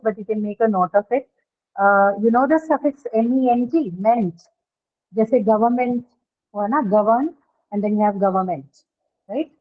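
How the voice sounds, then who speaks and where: A woman with an Indian English accent teaching an online class, explaining step by step and checking understanding. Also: fairly high pitch. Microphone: video call. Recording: tinny phone-like line.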